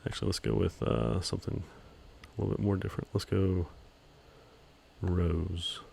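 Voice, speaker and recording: Low-voiced, monotone man teaching software. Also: moderate pace, creaky, slight background noise. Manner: calls his own voice monotone, relaxed, many ums. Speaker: video editing instructor. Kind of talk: screen-recorded software tutorial.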